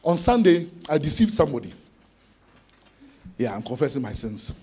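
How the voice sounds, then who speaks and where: A man preaching an expository sermon to students, animated, acting out voices with sudden shouted bursts. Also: fairly high pitch, normal speed, husky. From Ghana. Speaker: conference speaker preaching to students.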